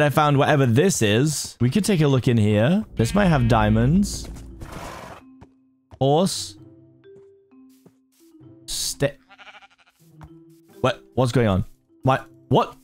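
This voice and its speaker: A man giving excitable, chatty commentary while playing a Minecraft modpack, talking to himself and his viewers with sudden jumpy exclamations. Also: fairly high pitch. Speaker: gaming YouTuber. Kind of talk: casual Minecraft let's play commentary.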